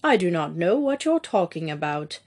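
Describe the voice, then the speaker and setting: A woman voicing a hypnotized male mechanic with a raspy British accent who talks stiffly and stubbornly. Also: fairly low pitch, unhurried, darkish tone.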